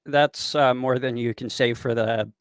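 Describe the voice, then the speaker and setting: A mid-pitched man from Norway talks in casual English with an accent that sounds almost American. He hesitates often, filling gaps with "uh" and restarting his sentences. The recording is dry and close. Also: steady tone, measured pace, smooth, dry recording. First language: Norwegian. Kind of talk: casual chat.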